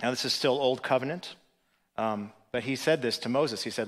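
A man preaching a sermon as pastor, swinging between emphatic, rising passages and quiet, reflective lines. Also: medium pitch, normal speed. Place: church sanctuary. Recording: long hall reverb.

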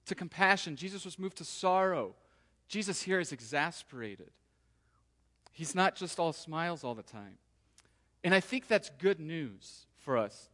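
A man preaching a sermon to his congregation in a relaxed, conversational way, sometimes voicing the people in the story. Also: a little high. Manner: conversational, acts out quoted voices. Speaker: pastor. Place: church sanctuary. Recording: long hall reverb.

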